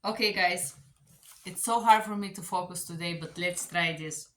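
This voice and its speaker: A woman language teacher telling a story in a casual, animated way, with phrasing. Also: on the low side, unhurried. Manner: animated, chatty, non-native phrasing. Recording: echoey room.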